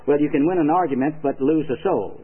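A man's voice: a little high, fairly quick, husky, narrow, tinny audio. An older man preaching an evangelistic sermon, earnest and emphatic, telling stories from his ministry.

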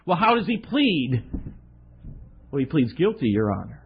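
A man preaching a sermon as an animated, self-mocking storyteller who acts out the voices in his story. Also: on the high side, normal speed, gravelly, pauses often, highs cut off, a little hiss or hum.

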